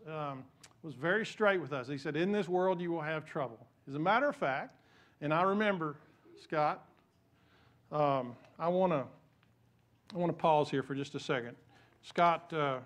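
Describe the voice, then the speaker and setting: A male pastor, preaching a sermon in a church, telling stories with many restarts and dropping to a soft voice to pray. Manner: storytelling with repeated restarts; drops to soft, low voice in prayer.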